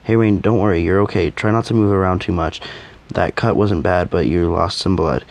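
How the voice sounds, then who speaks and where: A man's voice: low-pitched, normal speed, darkish tone. A man voicing a wry, teasing young male companion who talks in an easygoing way in a fan audio drama.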